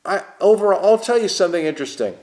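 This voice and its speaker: A man's voice: high voice, quick pace. A man, a stand-up comedian telling stories in a casual interview and acting out the voices of the people he quotes. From Queens, New York. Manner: animated storyteller, acts out quoted voices.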